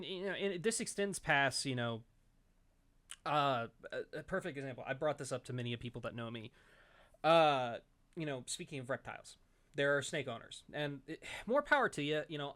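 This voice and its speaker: A man's voice: on the high side, expressive, moderate pace, a bit bright. A man co-hosting a casual podcast, telling a story in a rambling way with lots of fillers and restarts. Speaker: podcast co-host. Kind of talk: casual chat.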